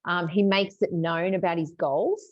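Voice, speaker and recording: An Australian woman hosting a podcast, chatting quickly and frankly. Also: lowish voice, fairly even intonation, no room sound. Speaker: podcast host. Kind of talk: casual chat. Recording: dull dry lo-fi sound.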